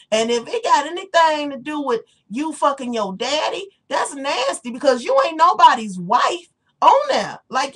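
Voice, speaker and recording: Blunt, profane woman ranting on webcam. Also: high voice. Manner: blunt, profane and animated, with sharp rhetorical questions. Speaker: webcam vlogger. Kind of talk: casual webcam rant.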